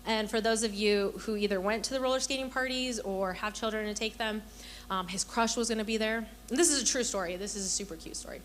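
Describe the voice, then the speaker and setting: A woman's voice: medium pitch, fast talker, slight background noise. A young adult woman giving an earnest personal testimony to a women's church gathering, telling stories and acting out the voices in them. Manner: earnest storytelling, acts out quoted voices.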